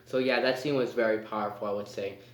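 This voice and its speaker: A man's voice: fairly low pitch, steady tone, quick pace. A man giving a casual spoken movie review. He rambles and hesitates, with lots of fillers. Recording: echoey room.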